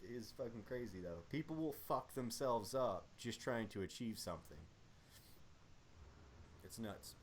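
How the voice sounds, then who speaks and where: A man's voice: medium pitch, expressive, measured pace, pauses often, a little hiss or hum. A young man and army veteran, casually telling profane, rambling stories about his service. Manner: profane, rambling war storytelling. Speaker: army veteran podcast guest. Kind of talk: casual chat.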